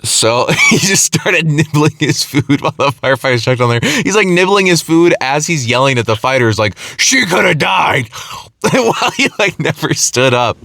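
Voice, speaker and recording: A young man telling a rambling comedic story, animated and often laughing, full of "like" and restarts. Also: mid-range voice, dry recording. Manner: heavy use of "like", frequent restarts. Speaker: streamer.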